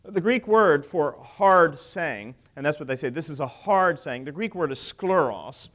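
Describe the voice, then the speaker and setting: A man's voice: fairly high pitch, expressive, a little slow, a bit bright. A man preaching a sermon, emphatic and asking his listeners rhetorical questions.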